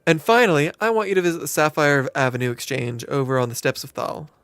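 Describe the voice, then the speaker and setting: A man's voice: a little high, steady tone, quick pace, creaky, fairly bright tone, smooth, dry recording, studio quality. A man voicing a shrewd, teasing middle-aged woman innkeeper with a put-on Southern drawl, reading game dialogue and tripping over words. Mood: folksy. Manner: homey turns of phrase, stumbles over words while reading.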